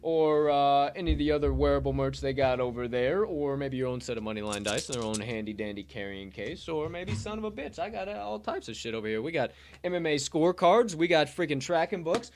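A man co-hosting a sports betting podcast, talking casually with loud, profane, showman-style hype and ad reads. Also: fairly high pitch, animated, fairly quick, a little hiss or hum.

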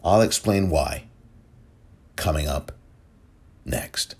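A man hosting a political commentary podcast, measured and rephrasing himself as he goes. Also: extremely low pitch, expressive, darkish tone, breathy edge. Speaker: podcast host.

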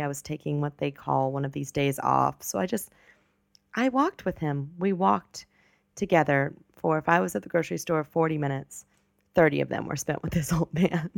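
A woman's voice: deep voice, gravelly, no echo, studio quality. A woman in her twenties hosting a podcast, telling a story in a rambling, chatty way that keeps correcting itself. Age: 20s. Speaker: podcast host. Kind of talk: casual storytelling monologue.

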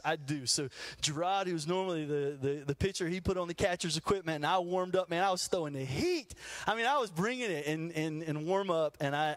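A man's voice: a little high, a bit bright, no echo. A middle-aged man preaching a sermon, telling funny stories and laughing at his own jokes. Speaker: pastor.

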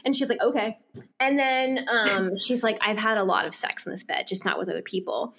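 This podcast co-host chats casually through a romance novel one scene at a time, reading out the characters' lines and laughing a lot. She talks a little fast in a mid-range, somewhat bright voice.

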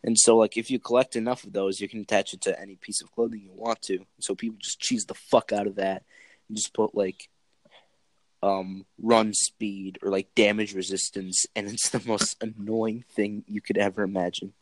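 A man with a slightly low voice chats casually, rambling through filler words and cursing freely. The sound is dry and close, with no room around it. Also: flat delivery, normal speed, dry recording. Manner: rambling, filler-heavy, profane. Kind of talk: casual chat.

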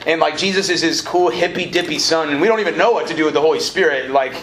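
A man's voice: on the high side, fast, a bit bright. A man preaching a live sermon to college students, talking casually, cracking jokes and getting the crowd to answer back. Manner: conversational, joking, prompts audience call-and-response. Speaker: college ministry director and preacher. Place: lecture hall or auditorium at a college. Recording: roomy live hall with faint ambient noise.

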